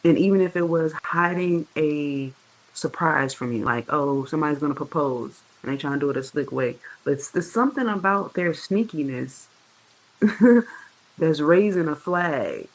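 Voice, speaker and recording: A tarot reader giving a casual, profane reading in slang, talking straight to the viewers and drawing words out slowly for emphasis. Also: medium pitch, expressive, rough recording. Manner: slangy, profane, chatty, addresses viewers directly.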